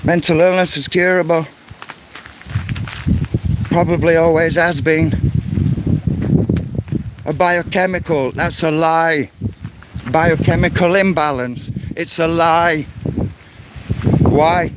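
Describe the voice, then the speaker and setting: A man's voice: fairly high pitch, steady tone, takes it slowly, pauses often, heavy background noise. A man giving an angry, insistent vlog rant, often repeating words as he goes. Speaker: vlogger. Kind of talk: ranting vlog monologue.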